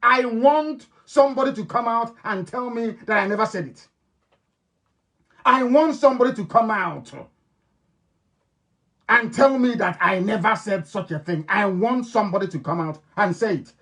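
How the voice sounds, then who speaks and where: Man, Igbo-accented Nigerian English, fervent radio address, raised pitch, repeats himself for emphasis. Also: expressive, moderate pace. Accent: Nigerian, Igbo-influenced English. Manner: emphatic and repetitive, swinging between loud declarations and low intense tones. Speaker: political leader broadcasting to followers.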